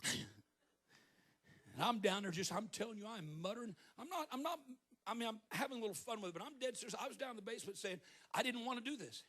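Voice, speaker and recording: A man in his fifties preaching a sermon as a guest preacher at a church service, telling stories with joking asides and rising to shouted peaks. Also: sits high, lively intonation, fairly quick. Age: 50s.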